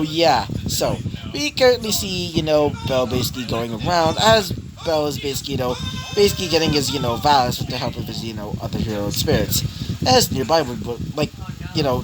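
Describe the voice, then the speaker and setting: A man's voice: fairly high pitch, background noise. A man narrating a fan story in a casual, rambling way, with constant fillers and frequent restarts.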